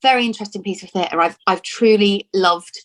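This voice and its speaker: A woman's voice: medium pitch, a little fast. A woman from Lincoln in England, an actress talking in a casual interview, chatty and full of restarts and repeated words. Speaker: actor being interviewed.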